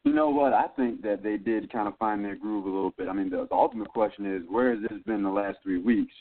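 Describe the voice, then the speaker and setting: A man's voice: on the low side, fast talker. A man from Atlanta co-hosting a casual sports talk show, confident and emphatic. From Atlanta, US South. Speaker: co-host. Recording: tinny phone line.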